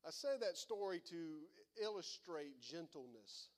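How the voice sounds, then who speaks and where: Folksy preacher, higher voice. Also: male voice, expressive, unhurried. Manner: folksy, rambling, repeats words. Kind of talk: sermon storytelling.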